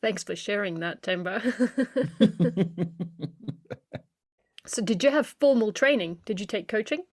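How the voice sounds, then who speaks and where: A woman's voice: medium pitch, takes it slowly, pauses often. Woman host asking short questions. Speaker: interview host. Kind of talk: interview questions.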